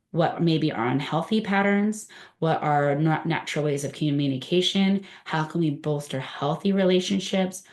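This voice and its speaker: A woman's voice: deep voice, darkish tone. A woman trainer giving a conversational presentation to a room, often asking the group questions.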